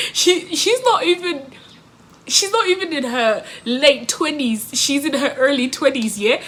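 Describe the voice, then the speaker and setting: A woman tells a story straight to her viewers in a relaxed, chatty way. Her voice sits a little high and rings very bright. She laughs often and slips into quick impressions of the people in her story. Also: breathy edge. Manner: animated, laughs often, acts out quotes. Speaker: vlogger. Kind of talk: casual storytime chat to camera.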